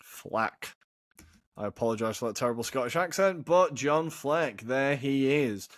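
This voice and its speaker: A man co-hosts a football podcast, chatting casually and often thinking out loud. He swears freely as he searches for answers. The sound is dry and close on the mic. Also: medium pitch, animated, normal speed, no room sound. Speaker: podcast co-host.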